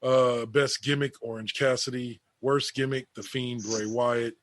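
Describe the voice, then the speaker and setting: A man's voice: mid-range voice, steady tone, unhurried, no room sound. A man co-hosting a casual wrestling podcast, reading an awards list aloud with sarcastic asides. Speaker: podcast co-host.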